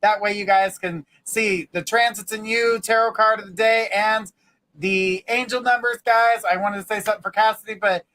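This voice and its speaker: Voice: medium pitch, fairly even intonation, moderate pace, pushed and bright, rough recording. Upbeat host signing off a live show. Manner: upbeat, repeats "guys". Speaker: host of a psychic talk show. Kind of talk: live show sign-off and joke telling.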